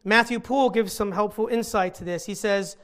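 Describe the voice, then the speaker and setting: Bible teacher, earnest scripture teaching, explains word meanings, mid-range pitch. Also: brisk, a bit bright. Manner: earnest, explains original-language words.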